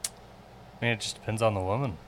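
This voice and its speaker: Low-voiced man answering haltingly. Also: slight background noise. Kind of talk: casual chat.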